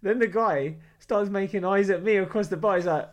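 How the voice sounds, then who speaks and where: A man with a London accent, co-hosting a podcast, telling animated, slangy travel stories in casual chat. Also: high voice, fairly quick. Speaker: podcast co-host.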